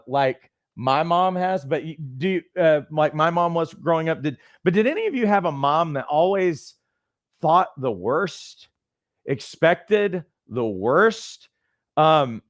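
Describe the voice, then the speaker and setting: A middle-aged man and life coach trainer who teaches through animated, conversational personal stories. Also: fairly high pitch, dry recording. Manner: conversational, lots of fillers and restarts, animated storytelling.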